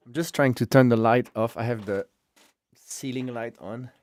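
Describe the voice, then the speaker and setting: A man's voice: mid-range voice, moderate pace, darkish tone. Chatty man hosting a live stream. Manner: chatty, rambling, self-amused. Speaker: livestream host. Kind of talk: casual live-stream chat. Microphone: headphones with mic.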